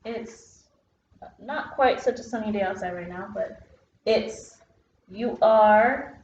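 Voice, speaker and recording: A woman's voice: medium pitch, slow, darkish tone. Patient woman teacher at a whiteboard. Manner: patient, explains step by step with filler words. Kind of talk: online phonics lesson at a whiteboard. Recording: roomy, dull lo-fi classroom sound.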